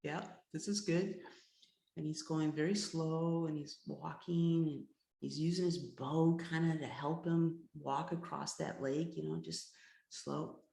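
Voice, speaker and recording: A woman teaches a class by telling a story, leaning on repetition and drawn-out pauses for suspense. Her voice is low and gravelly. The room gives it a noticeable echo. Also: fairly even intonation, warm tone. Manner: repeats words, builds suspense, slows down for drama. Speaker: healer and teacher. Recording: roomy echo.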